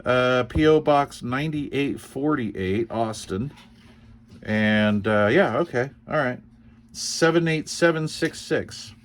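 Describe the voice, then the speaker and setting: Casual man, mid-pitched, rambling and wisecracking, reads codes aloud, unscripted hobby vlog feel. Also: takes it slowly. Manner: rambling, jokey, reads call signs aloud. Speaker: CB radio hobbyist vlogger. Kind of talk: casual unboxing chat.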